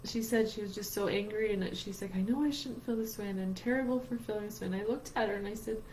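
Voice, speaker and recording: An earnest woman co-hosts a heartfelt talk about grief and speaks from a faith-based outlook. Her voice sits in a middle pitch, and at times she grows tearful as she shares. Faint noise hums underneath. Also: fast, darkish tone, low-quality recording. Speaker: podcast co-host.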